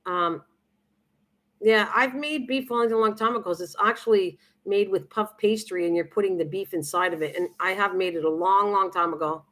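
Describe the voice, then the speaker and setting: Cooking live for her viewers, this middle-aged woman speaks in a slightly bright, mid-pitched voice. She's chatty and rambling, often starting sentences over and padding pauses with fillers like um and uh.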